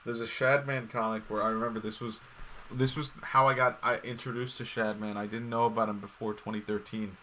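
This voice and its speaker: A man's voice: fairly low pitch, flat delivery, a little fast, bright, forceful tone, slight background noise. A man hosting a casual chat, rambling and swearing, with lots of fillers and restarts. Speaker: podcast host.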